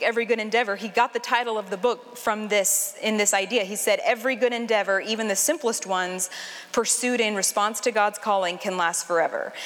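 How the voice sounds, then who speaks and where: A woman's voice: medium pitch, a bit bright. Woman speaking in a reverberant hall. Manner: earnest, laughs at herself, many fillers. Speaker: speaker at a Christian conference. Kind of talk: conference talk with personal story.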